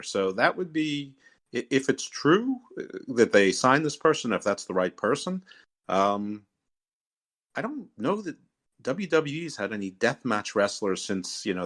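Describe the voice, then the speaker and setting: A low-voiced man with a fairly bright tone hosts a podcast and chats casually about wrestling. His delivery rambles, with many fillers and restarts.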